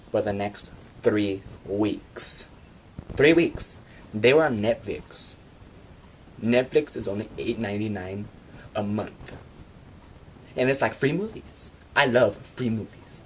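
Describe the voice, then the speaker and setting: A man telling absurd comic stories about his free time in a deadpan monologue. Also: mid-range voice, a little hiss or hum. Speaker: vlogger.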